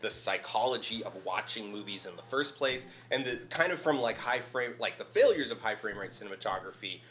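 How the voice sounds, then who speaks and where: Male guest, bright tone, thoughtful rambling explainer, casual chat. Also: on the low side, lively intonation, a little fast, slight background noise. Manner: thoughtful, analytical explainer with many "like" fillers. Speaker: guest video essayist. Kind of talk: casual chat on a charity stream.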